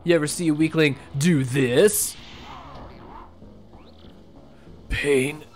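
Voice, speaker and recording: A man's voice: a little high, a little slow, voice pushed up, natural voice. A man voicing a boastful hulking male wrestler bird who trash-talks and growls. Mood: taunting. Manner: swaggering trash talk, growls and laughs.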